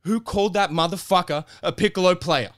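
Flustered male heckler pleading he's innocent, rambling and rising, done by a man mid-joke. Clear, smooth voice. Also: a little high, fast, fairly bright tone, pitched above the performer's own voice, close to an everyday voice.

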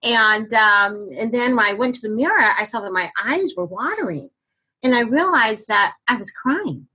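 A woman's voice: on the high side, lively intonation, moderate pace, pushed and bright, breathy edge, rough recording. An older woman telling a personal story in an interview, rambling with many fillers and restarts. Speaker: interview guest.

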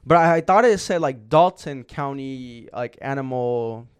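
A man's voice: mid-range voice, measured pace, smooth. A young man co-hosting a podcast, telling a long story in casual chat, rambling and swearing with lots of filler words. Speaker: podcast co-host.

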